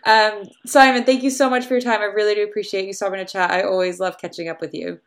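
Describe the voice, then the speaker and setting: A woman's voice: mid-range voice, steady tone, fast. A woman hosting a podcast interview, chatting in a friendly, agreeable way with her guest. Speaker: podcast host. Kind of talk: casual interview chat.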